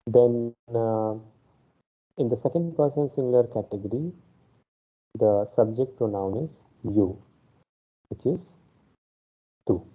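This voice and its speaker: A man's voice: mid-range voice, breathy edge. A man teaching a Spanish class online, explaining step by step and often checking in with an "okay". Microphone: video call. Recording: phone-like online class audio.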